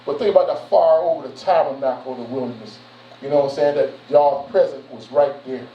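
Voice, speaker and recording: A man's voice: medium pitch, fast talker, slight background noise. Male preacher, casual slangy sermon, muffled distant recording. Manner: animated, conversational street slang. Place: church sanctuary. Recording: echoey room from far off, muffled.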